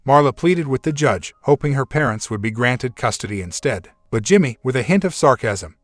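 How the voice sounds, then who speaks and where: A man reading a dramatic relationship story aloud as scripted narration, in a steady, even storytelling manner. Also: mid-range voice, no room sound.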